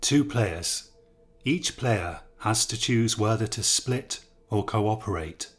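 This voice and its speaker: A man's voice: on the low side, animated, takes it slowly, soft background music. Man voicing a genial lecturing professor. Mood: explaining. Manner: explanatory, lecturing. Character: genial male professor at a dinner.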